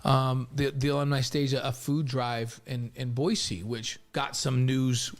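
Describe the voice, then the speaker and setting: A man's voice: mid-range voice, little pitch movement, unhurried. A man co-hosting a sports talk show, chatting and setting up topics with recollections. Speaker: radio show co-host.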